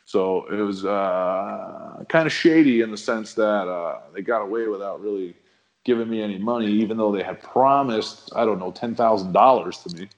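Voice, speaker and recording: A middle-aged man telling a long story in a relaxed, rambling, slangy way as a guest on a chat show. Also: fairly low pitch, normal speed, lo-fi sound. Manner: rambling, laid-back, slangy. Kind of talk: casual storytelling.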